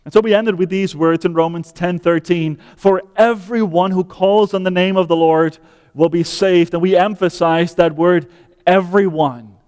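A male pastor preaching a sermon in measured phrases, often asking rhetorical questions. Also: sits high, fairly even intonation, darkish tone, clear, resonant tone, big-room sound.

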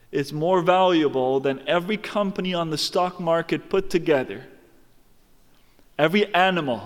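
A male preacher delivers a sermon with emphatic, dramatic storytelling and frequent rhetorical questions. His voice is fairly high. It rings with the long reverb of a large church hall.

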